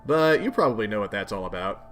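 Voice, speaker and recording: A man's voice: lowish voice, lively intonation, quick pace, faint music behind, pitched below the performer's own voice, lightly acted. A man voicing an earnest, polite teenage boy hero in a webcomic read-aloud, sounding mildly bewildered.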